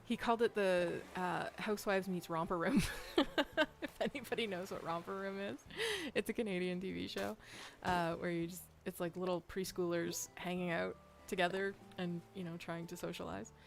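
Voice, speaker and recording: A woman's voice: on the low side, steady tone, moderate pace, vocal fry, slight background noise. A woman streaming a game, chatting casually and rambling, laughing often. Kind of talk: casual chat while playing.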